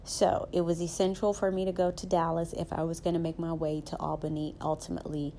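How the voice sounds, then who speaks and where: A Southern-accented woman hosts a podcast, winding through personal travel stories and drawing faith lessons from them. Her voice sits a little low and mellow, and her delivery is chatty, stopping often to check in with the listener. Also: little pitch movement, fairly quick, vocal fry, a little hiss or hum. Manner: chatty storytelling, often asks "right?". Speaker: podcast host. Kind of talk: faith-based motivational talk with personal stories.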